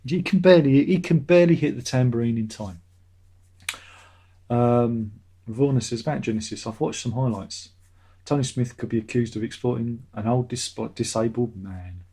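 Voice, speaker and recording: A man's voice: mid-range voice, moderate pace, dark tone, breathy edge. A middle-aged man hosting a casual live stream, reading out chat messages and rambling sarcastically, often laughing at his own jokes.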